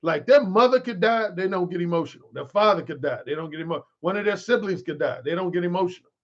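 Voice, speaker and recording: On a livestream, a man who coaches dating and writes books addresses his followers at a quick pace in a high voice. He's candid and animated with lots of restarts, and the sound from his desk microphone, adjusted mid-stream, is lo-fi.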